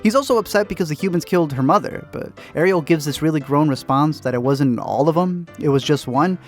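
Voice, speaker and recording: A man narrating a comedic movie recap, full of quick jokey punchlines. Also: on the high side, faint music behind. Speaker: host.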